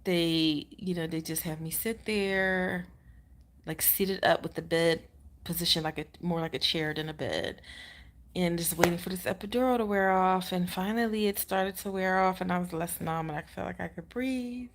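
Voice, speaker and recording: A woman's voice: fairly even intonation, normal speed. A woman in her thirties, casually telling a personal story on a vlog, full of "like" fillers and quoting others as she goes. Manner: chatty, many "like" fillers, acts out the nurse in quotes. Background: baby sleeping nearby, she lowers her voice.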